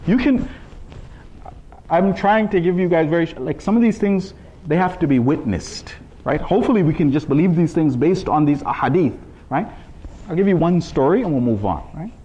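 A man preaching a sermon to a congregation, emphatic, reciting scripture in Arabic and climbing to high exclaiming peaks. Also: lively intonation, moderate pace, dark tone, lo-fi sound. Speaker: speaker at a religious gathering.

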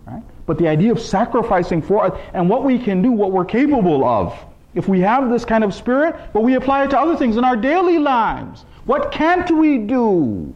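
A man preaching a sermon to a congregation, emphatic, reciting scripture in Arabic and climbing to high exclaiming peaks. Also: big pitch swings, normal speed, a little mellow, highs cut off. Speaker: speaker at a religious gathering.

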